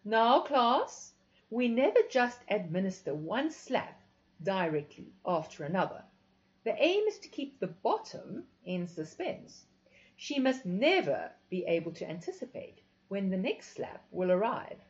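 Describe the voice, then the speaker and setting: A woman's voice: medium pitch, sing-song, a little slow. A woman voicing a sultry, commanding female instructor who gives teasing, authoritative instructions. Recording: dull lo-fi recording.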